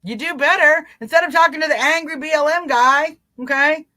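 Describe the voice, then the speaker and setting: A woman hosting a live political talk stream, urging her viewers on with emphatic, repeated commands and quick mimicking asides. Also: sits high, sharp tone. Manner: emphatic, repetitive exhortation straight to viewers. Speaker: live-stream show host.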